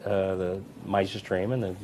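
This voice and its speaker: A man's voice: normal speed, slight background noise. A man, a magician and comedy performer, telling anecdotes in an interview and acting out the voices of the people in them. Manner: animated, acts out quoted voices with big swings in pitch and loudness.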